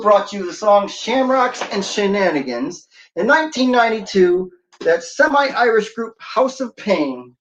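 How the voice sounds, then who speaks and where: A man's voice: sits high, sing-song, measured pace, fairly bright tone. A man chatting as a DJ on a livestream, playful and full of corny jokes. His voice comes through slightly dull, lo-fi audio from a home stream. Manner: jokey, playful, breaks into sung snippets and laughs. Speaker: radio DJ and livestream host. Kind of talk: casual livestream chat.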